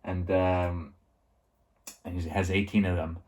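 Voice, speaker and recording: Guy with a lowish voice rambling through a tv episode recap, lots of "you know"s, chuckling. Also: flat delivery, slow pace, darkish tone. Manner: rambling, heavy on filler words, chuckles often. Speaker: TV show reviewer.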